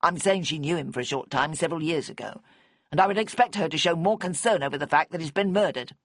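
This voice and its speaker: A woman's voice: low-pitched, fast talker, no echo, studio quality. A woman voicing a grieving grown man who speaks curtly and bitterly. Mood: resentful. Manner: curt, bitter and snappish. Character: angry grieving grown man, blunt and resentful.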